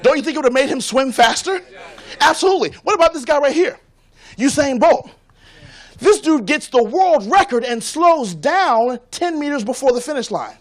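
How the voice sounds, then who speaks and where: Man, very high voice, fired-up motivational keynote, preacher-style call-and-response rhythm, from Florida. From Tampa, Florida. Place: conference stage before a live audience.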